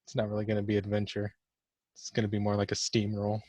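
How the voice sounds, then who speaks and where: A man's voice: on the low side, monotone, fast, a little mellow, dry recording. A young man giving casual let's-play commentary for a class vlog, awkward and joking at his own expense. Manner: awkward, self-mocking joking. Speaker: gamer doing a class vlog.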